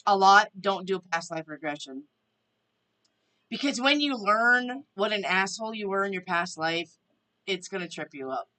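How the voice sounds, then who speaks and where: A woman's voice: lowish voice, bright, forceful tone, poor audio. A woman hosting a casual live stream, chatting to viewers and reading their questions aloud. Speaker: tarot reader and live stream host.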